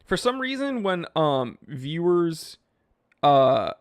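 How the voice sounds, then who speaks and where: A man's voice: a little high, very animated, takes it slowly, no echo. A man hosting a live stream, casually reading viewer comments aloud and rambling offhand about them. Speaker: watch channel host reading live chat.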